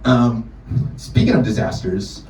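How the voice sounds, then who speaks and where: A young American man doing stand-up in a bar, with profane, animated storytelling. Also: lowish voice, a little slow, very noisy. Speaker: stand-up comedian. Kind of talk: stand-up set. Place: bar in front of a live audience. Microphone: distant room recording. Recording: echoey bar, distant mic, loud ambience.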